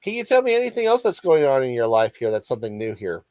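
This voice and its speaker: A man's voice: medium pitch, sing-song, fast, a little mellow, no echo. An older man hosting a casual show, rambling and chatty in his talk. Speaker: host. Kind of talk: casual live-stream chat.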